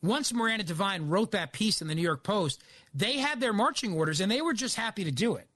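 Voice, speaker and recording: A man's voice: high-pitched, lively intonation, brisk, a bit bright, no room sound. A man filling in as a radio host, delivering an opinionated monologue in an emphatic, argumentative way with many rhetorical questions, on a studio microphone. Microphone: studio broadcast microphone.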